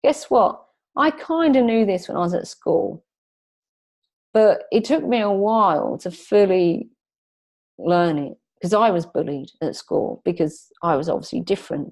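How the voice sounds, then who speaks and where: A woman working as a coach, a guest in an interview, telling a client story in a lively way and acting out the dialogue. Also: fairly low pitch. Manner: earnest, emotional when recalling. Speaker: transformational coach.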